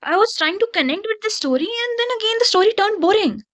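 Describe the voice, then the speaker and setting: A woman's voice: extremely high pitch, animated, fast talker, a bit bright, highs cut off. A young woman, reviewing a book to camera in an exasperated, ranting way. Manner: exasperated, ranting, talks straight to viewers.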